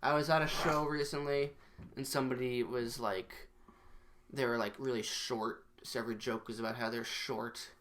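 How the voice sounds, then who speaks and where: A young man co-hosting a podcast in loose, joking chat. He riffs on absurd bits in a bright, forceful voice. His pitch sits in an ordinary middle range. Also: fairly even intonation, normal speed, a little hiss or hum. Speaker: podcast co-host. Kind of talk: casual chat.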